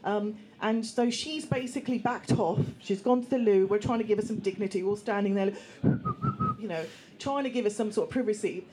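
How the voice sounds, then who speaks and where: A woman telling a personal story to a live audience, lively and acting out voices of other people. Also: mid-range voice, brisk, slight background noise. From England. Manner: animated, acts out voices, laughs through the telling. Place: small venue room with an audience.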